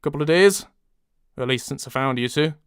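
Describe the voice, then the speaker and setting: A man voicing a gallant male centaur with a low, warm voice and a light Northern English accent, swallowing some consonants. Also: fairly quick, clean tone, no room sound, studio quality. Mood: gallant, friendly. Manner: dropped consonants, low and easygoing.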